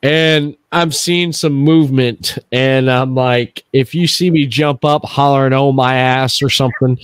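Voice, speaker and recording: A middle-aged man hosting a podcast, telling stories in a casual, animated way. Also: mid-range voice, measured pace, smooth, dry recording. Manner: animated storyteller. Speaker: podcast host.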